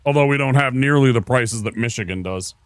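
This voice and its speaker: A man's voice: medium pitch, fairly quick, clean tone, no echo. A laid-back man from Minnesota streaming a game, rambling casually and talking to viewers by name. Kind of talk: casual gameplay chat with chat.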